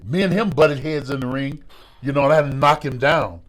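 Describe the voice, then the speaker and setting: A middle-aged man, a former pro wrestler, telling stories in a relaxed interview, with a lively way of talking that acts out voices and repeats words. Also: mid-range voice, brisk. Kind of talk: storytelling in a podcast interview.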